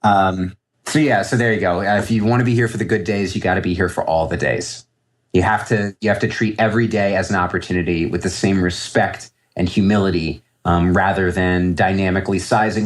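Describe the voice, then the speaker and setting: A man's voice: deep voice, fairly even intonation, a little fast. A man in his thirties, a trader answering interview questions in a loose, rambling way, often restarting his sentences as he thinks aloud. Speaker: trader, podcast guest. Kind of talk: casual interview talk.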